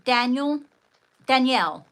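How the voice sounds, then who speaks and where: A woman's voice: sits high, animated, takes it slowly, a bit bright. A woman hosting a casual livestream, chatting with viewers and thanking them, often calling them darling. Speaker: livestream host.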